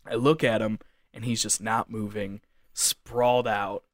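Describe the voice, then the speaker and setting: A man's voice: fairly low pitch, little pitch movement, a little slow, no echo, clean studio sound. A young man telling a casual story at length, rambling with lots of fillers like "like". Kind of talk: casual anecdote.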